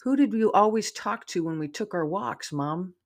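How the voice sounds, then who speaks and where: A woman voicing an excited young male dog spirit, eager and sweet, in a spoken storybook. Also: medium pitch, normal speed, voice pushed up.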